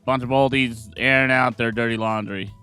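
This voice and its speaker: A man's voice: medium pitch, steady tone, moderate pace, sharp tone, smooth, faint music behind. A man reading game dialogue aloud during a playthrough, shifting between character voices.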